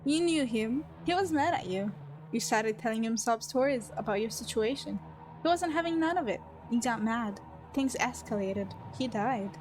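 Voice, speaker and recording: A woman voicing a hateful, mocking, androgynous woman with a raspy, detached voice, from a story game she reads aloud. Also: fairly high pitch, moderate pace, a little mellow, lightly acted, rough recording. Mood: accusing. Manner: cold, taunting.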